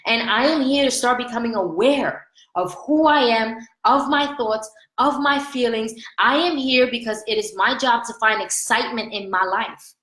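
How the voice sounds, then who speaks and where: A woman life coach giving an animated motivational talk, asking "right?" often and laughing between points. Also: on the high side, normal speed, roomy sound, poor audio.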